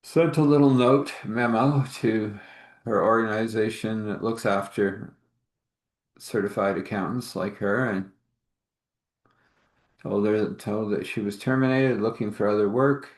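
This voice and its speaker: A man's voice: lowish voice, unhurried. A man telling a faith-based everyday story in a rambling, homespun way with many fillers. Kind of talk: informal spoken storytelling. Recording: echoey room.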